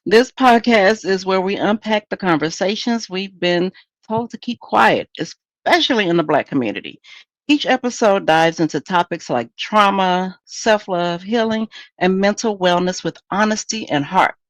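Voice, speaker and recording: A woman's voice: medium pitch, lively intonation, normal speed, dry recording. A woman hosting a solo podcast in a candid, conversational, preachy way. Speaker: podcast host.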